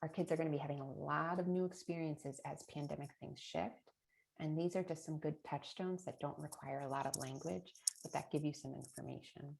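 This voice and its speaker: A woman's voice: low voice, fairly even intonation, fairly quick, creaky, a little mellow. A middle-aged woman presenting a parenting webinar in a chatty way, often adding a rhetorical "right?" and little laughs. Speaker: early childhood presenter.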